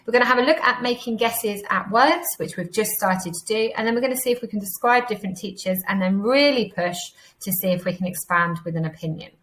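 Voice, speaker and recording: An English woman teaching a beginner Spanish lesson, encouraging and slowing down to model each word twice for pupils to repeat. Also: mid-range voice, a bit bright. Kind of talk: recorded online language lesson.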